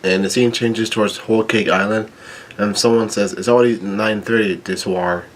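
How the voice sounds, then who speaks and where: A man reading a comic chapter aloud, stumbling, restarting words and filling pauses with ums. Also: on the low side, fairly even intonation, slight background noise. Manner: halting, with frequent restarts and ums. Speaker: manga chapter reader.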